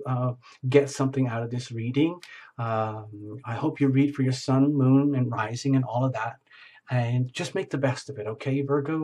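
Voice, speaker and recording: A man's voice: medium pitch, dark tone. A man giving a solo tarot reading, enthusiastic and rambling, often repeating his phrases. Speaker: tarot reader.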